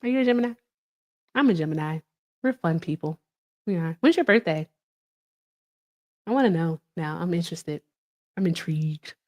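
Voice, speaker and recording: A woman in casual chat as a livestream host, animated and answering viewer comments as she talks. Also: lowish voice, normal speed, pauses often.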